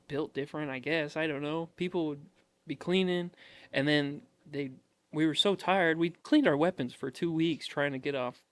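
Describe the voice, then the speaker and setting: A man's voice: a little high, dry recording. Young man telling army stories, laughing. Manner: animated, often breaking into laughter. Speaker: podcast guest, Army veteran. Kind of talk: casual storytelling.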